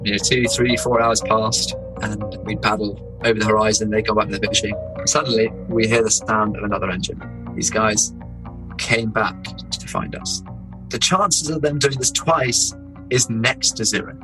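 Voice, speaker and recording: A young English explorer recounts his story in a loose, animated way, laughing between lines. His voice sits fairly low, and clear music plays underneath him. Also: poor audio. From England. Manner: animated, laughing, doing quick impressions of people. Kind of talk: casual storytelling.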